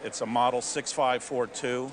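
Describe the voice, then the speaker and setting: A man's voice: mid-range voice, steady tone, normal speed, a crowd in the background. A male appraiser on a TV appraisal show, interviewing a guest and explaining an item. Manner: informative, interviewing.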